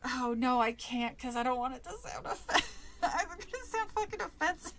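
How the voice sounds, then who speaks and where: A woman's voice: high-pitched, expressive, normal speed, a bit bright, slight background noise. A woman streamer reading a spooky book aloud with casual asides to chat, laughing often and swearing freely.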